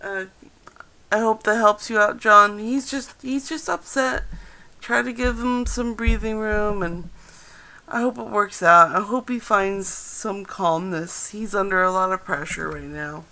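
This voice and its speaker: A woman's voice: medium pitch, a little slow, sharp tone, poor audio. A woman hosting a live-streamed tarot reading, chatting directly to viewers and to her cards. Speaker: tarot reader and stream host.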